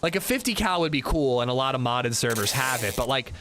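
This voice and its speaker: A man's voice: mid-range voice, lively intonation, a little fast. A man streaming a game, chatting casually and rambling, with lots of filler words. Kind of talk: casual livestream gaming commentary. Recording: noisy background hiss.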